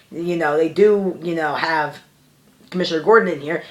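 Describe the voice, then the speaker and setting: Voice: mid-range voice, lively intonation, brisk, fairly bright tone. A young adult reviewing a movie in a casual, exasperated rant, rambling and full of "you know" fillers.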